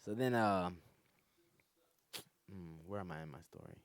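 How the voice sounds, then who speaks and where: A man's voice: sits low, measured pace. A man, a comedian guest on a podcast, telling a story in a casual, profane way and often saying "you know what I'm saying". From New York.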